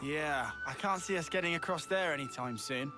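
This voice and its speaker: An actor playing a cocky young soldier in a video game, heard as game audio. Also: male voice, on the high side, normal speed, over music, lightly acted. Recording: game audio under commentary.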